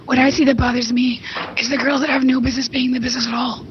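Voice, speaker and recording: A woman on a talk panel with a husky, breathy voice, losing her voice. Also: sits high, flat delivery, racing, muffled recording, slight background noise. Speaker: panel guest.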